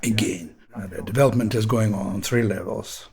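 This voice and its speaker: A man in his sixties, a pianist, explaining a piece of music in an emphatic, impassioned way with long pauses. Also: on the low side, steady tone, creaky. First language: Russian. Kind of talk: musical analysis talk.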